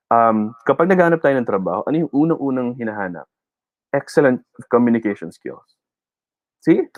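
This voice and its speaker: A man's voice: on the low side, darkish tone, no room sound. A man with a Filipino accent teaching a live online speech class, encouraging students and reading out their comments. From Philippines. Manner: encouraging, mixes English and Tagalog, reads viewer comments.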